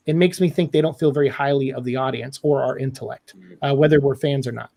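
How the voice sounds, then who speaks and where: A man giving an animated, opinionated critique as a guest in a casual podcast discussion. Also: mid-range voice, fast, vocal fry, few pauses.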